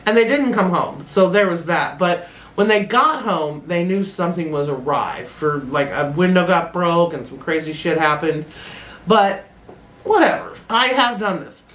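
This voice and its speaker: A middle-aged woman hosts a casual reaction video, blunt and laughing as she swears freely. Her voice is fairly low and fairly bright, with lively intonation and a somewhat slow pace, in a roomy, echoey space.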